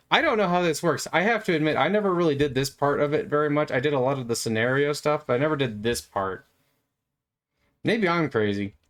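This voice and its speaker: A man's voice: a little high, fairly bright tone. A man gives rambling gameplay commentary while playing, talking in a playful, meandering way with stammers and lots of fillers. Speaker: gamer.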